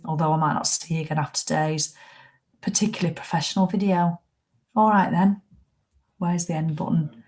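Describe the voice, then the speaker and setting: A woman's voice: deep voice, fairly even intonation, normal speed, long pauses, darkish tone. A middle-aged woman with a British English accent, hosting a live walking group as a fitness coach in a chatty, blunt, motivational way with casual swearing. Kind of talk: casual live-stream chat.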